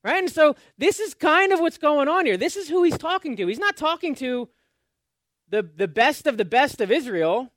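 A man preaching a sermon, often asking his congregation questions and swinging between loud and hushed. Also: extremely high pitch, lively intonation, normal speed, no room sound, clean studio sound. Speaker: pastor.

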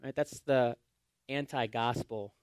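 A man preaching a sermon, often asking his congregation questions and swinging between loud and hushed. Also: mid-range voice, fairly even intonation, slow, clean tone, no echo, studio quality. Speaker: pastor.

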